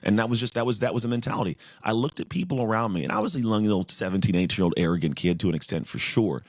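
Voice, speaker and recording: Low-voiced guy, intense and emphatic, piles up repeated phrases, dry close sound. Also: racing, dry recording. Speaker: podcast guest, former pro football player. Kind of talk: casual interview talk.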